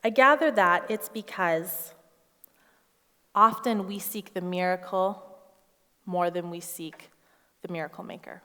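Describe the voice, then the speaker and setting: A woman in her thirties preaching a sermon as a pastor, animated and storytelling, acting out voices with humorous asides. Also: lowish voice, measured pace, long pauses, in a large hall. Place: church hall.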